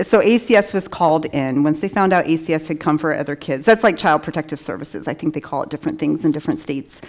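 A woman giving a personal testimony talk. She tells the story conversationally with many fillers, quoted dialogue, soft laughs and hushed whispers. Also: deep voice. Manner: many fillers like "you know" and "like".

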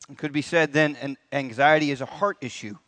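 A man's voice: a little high, a little fast, fairly bright tone, no room sound. A man preaching a sermon in church, in a folksy manner with rising emphasis on key points. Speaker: pastor. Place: church sanctuary.

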